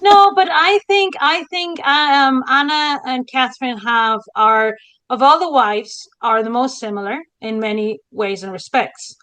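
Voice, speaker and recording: A woman's voice: a little high, measured pace, sharp tone, clear, resonant tone, no room sound, rough recording. A woman from Spain, a historian co-hosting a casual podcast chat in a dramatic, theatrical way. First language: Spanish. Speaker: historian co-host.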